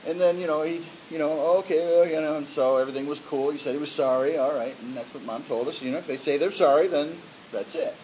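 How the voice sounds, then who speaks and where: A man's voice: a little high, fast talker, few pauses, a little mellow, slight background noise, rough recording. A man preaching a sermon in a conversational way, with frequent fillers and restarts. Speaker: pastor.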